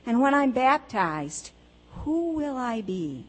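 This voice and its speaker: A woman's voice: fairly high pitch, very animated, slow, slightly rough, long reverb tail, pitched above the performer's own voice, exaggerated voice. A woman preacher voicing a joyful grown woman claiming her faith name, speaking in exclamations that rise with emphasis. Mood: eager.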